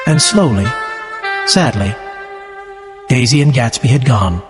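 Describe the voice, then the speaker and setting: Expressive male storyteller with long echo. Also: medium pitch, a little slow, long pauses, faint music behind. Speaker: narrator. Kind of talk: scripted story narration.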